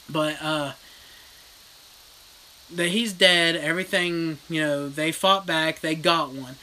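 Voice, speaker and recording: Slowly and in a mid-range voice, a horror vlogger rants through a casual livestream, reading chat and recounting a movie with blunt, profane, animated storytelling. Poor audio adds a touch of hiss or hum.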